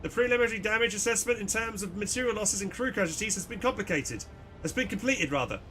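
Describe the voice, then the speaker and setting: A man's voice: high-pitched, lively intonation, fast talker, pushed and bright, faint music behind, voice pushed up. A man voicing a polite, formal young ship officer in a game. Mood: dutiful.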